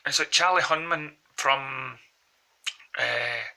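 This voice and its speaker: Give me a Glaswegian man with a sharp, bright voice, chatting loosely to his viewers. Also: mid-range voice, takes it slowly, creaky, poor audio. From Glasgow, Scotland. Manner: rambling, anecdotal. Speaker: vlogger. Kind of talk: casual chat to camera.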